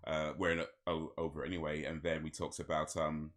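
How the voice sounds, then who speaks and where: A man's voice: a bass voice, level tone, brisk, fairly bright tone. A man hosting an interview over a video call, talking casually and hesitantly with lots of ums and restarts. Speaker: podcast host.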